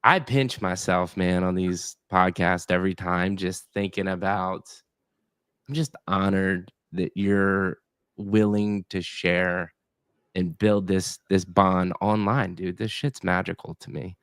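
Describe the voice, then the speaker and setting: A man's voice: low voice, fairly even intonation, slow, a bit bright, clean tone, dry recording. A man hosting a podcast, talking casually and effusively to his guest. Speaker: podcast host. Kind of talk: casual interview chat.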